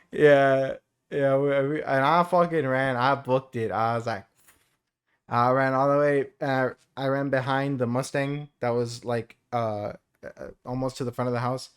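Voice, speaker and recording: A man's voice: mid-range voice, fairly even intonation, measured pace, clean tone. A man co-hosting a podcast in casual chat, laid-back, swearing freely and laughing often. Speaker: podcast co-host.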